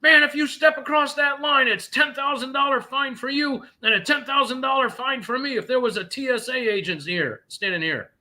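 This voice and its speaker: A man voicing a panicky male warehouse worker who shouts warnings in a raised voice. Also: extremely high pitch, moderate pace, few pauses, voice pushed up, heavily acted. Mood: alarmed.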